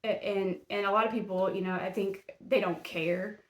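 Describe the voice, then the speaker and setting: A woman's voice: medium pitch, steady tone, moderate pace. A woman hosting a true-crime podcast, blunt and indignant as she scolds the accused directly in casual commentary. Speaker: podcast host. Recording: roomy echo.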